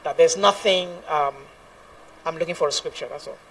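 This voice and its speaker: A woman's voice: low voice, moderate pace, far from the mic, a little hiss or hum, poor audio. A woman gospel singer giving an earnest personal testimony, laughing often and quoting scripture.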